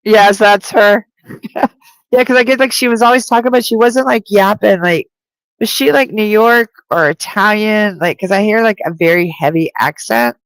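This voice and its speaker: A woman giving a psychic spirit reading on a live stream. She talks in a chatty, rambling way, full of filler words, at a middle pitch. The sound is dry and close. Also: moderate pace, dry recording, poor audio. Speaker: psychic medium.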